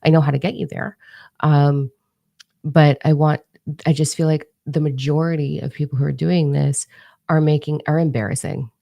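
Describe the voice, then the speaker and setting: A woman's voice: low voice, steady tone, normal speed, creaky, warm tone, dry recording, lo-fi sound. A woman in her forties, a spiritual teacher telling a story in a casual, rambling monologue, blunt and swearing freely. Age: 40s.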